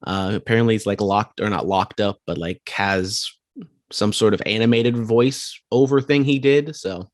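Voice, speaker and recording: A man's voice: lowish voice, normal speed, no room sound, clean studio sound. A man co-hosting a wrestling podcast in casual chat, with wry, sarcastic asides. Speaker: podcast co-host.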